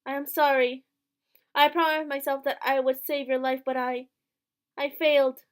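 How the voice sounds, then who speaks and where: A woman's voice: sits high, flat delivery, normal speed, natural voice. A woman voicing a distraught young heroine in a visual novel, pleading and emotional. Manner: pleading, emotional, louder bursts. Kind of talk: reading visual novel dialogue aloud.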